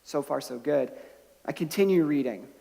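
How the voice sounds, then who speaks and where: A man's voice: a little high, moderate pace, vocal fry, warm tone. A man preaching a sermon as pastor, telling stories in a conversational way with restarts and rising to emphatic bursts on key points. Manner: conversational storytelling with frequent restarts. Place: church sanctuary. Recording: long hall reverb.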